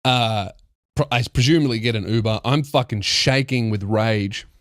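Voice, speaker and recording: A man's voice: mid-range voice, moderate pace, no echo, clean studio sound. A man who hosts a podcast, telling a comedic story in a heated, profane way with frequent restarts. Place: podcast studio.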